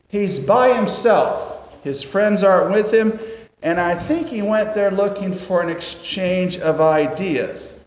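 A man preaching a sermon conversationally, dropping low and quiet to stress a point. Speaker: pastor. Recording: echoey hall with long reverb.

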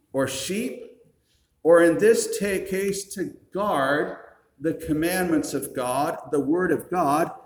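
Man preaching with wry reasoning. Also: fairly high pitch. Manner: reasoning, wry, rhetorical questions. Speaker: pastor. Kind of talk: sermon. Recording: roomy echo.

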